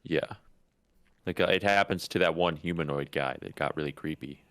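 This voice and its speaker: A man co-hosting a podcast, chatting casually, swearing and getting excited. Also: a bass voice, moderate pace, dry recording. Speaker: podcast co-host. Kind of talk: casual chat.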